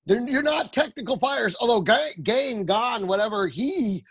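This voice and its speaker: A man with a high, raspy, gravelly voice, cracking jokes on a casual comedy podcast. His pitch swings widely as he jumps in with quips. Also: expressive, a bit bright, dry recording, clean studio sound. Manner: wisecracking, quick to laugh and jump in.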